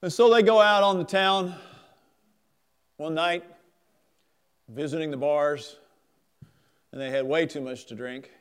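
Smooth, emphatic male pastor preaching. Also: a little high, steady tone, unhurried, long pauses. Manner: earnest, emphatic, swells and drops in volume. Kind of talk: sermon.

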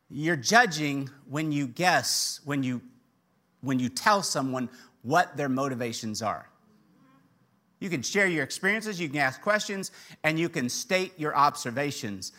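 A man preaching a sermon, animated, acting out the characters' voices. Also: a little high, unhurried. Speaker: pastor.

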